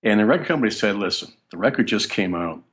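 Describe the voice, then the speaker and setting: A man with a very low, deep voice talks through his memories as an interview guest. He rambles from one anecdote to the next, stopping and restarting his sentences as he goes. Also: animated, fast talker, a bit bright. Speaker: guest bassist. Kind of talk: casual interview storytelling.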